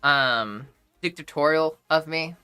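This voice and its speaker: Bright-voiced playful streamer. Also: medium pitch, slow, clear, resonant tone, soft background music. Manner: playful, profane, mock-indignant banter. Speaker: livestreamer reading chat. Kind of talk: casual live-stream chat.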